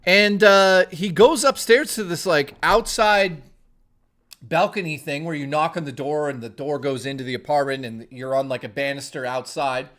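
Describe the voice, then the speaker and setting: A man from Toronto, Canada, chats on a live stream, telling rambling stories laced with profanity. His pitch is slightly raised, his voice a bit bright, and he talks at a normal speed.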